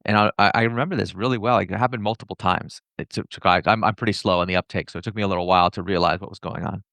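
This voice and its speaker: This man talks quickly, and his low voice has a gravelly edge. He is a guest in a casual interview, telling animated stories and voicing the people he quotes. The sound is dry and close. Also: dry recording. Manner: fast, animated storyteller who acts out quoted dialogue. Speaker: entrepreneur and author, podcast guest.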